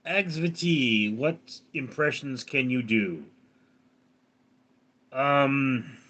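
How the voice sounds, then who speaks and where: A man hosts a casual live stream, reading his viewers' comments aloud and replying to each one. His voice is round and resonant, with a bright, forward edge. His pitch swings freely as he talks. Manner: reads viewer comments aloud and answers them.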